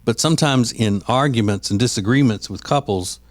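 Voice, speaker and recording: A man's voice: medium pitch, fairly quick, no echo, clean studio sound. A man co-hosting a podcast in casual chat, rambling with frequent restarts and acting out quoted voices. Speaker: podcast co-host.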